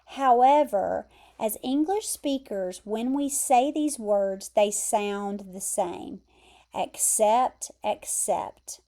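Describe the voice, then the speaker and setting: Slow, mellow American teacher woman. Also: mid-range voice. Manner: slow, careful explaining with clear repeated pronunciations. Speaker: English teacher. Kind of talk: vocabulary lesson.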